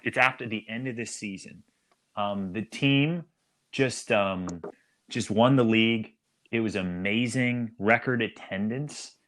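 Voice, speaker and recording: A man's voice: lowish voice, a bit bright. A man talking as a guest on a casual chat podcast, telling a story hesitantly and with many fillers.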